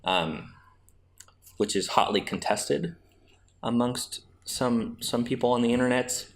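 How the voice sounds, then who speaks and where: A man's voice: mid-range voice, slow. A man hosting a podcast, making his case in a chatty, argumentative way with many restarts. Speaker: podcast host. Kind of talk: casual fan discussion.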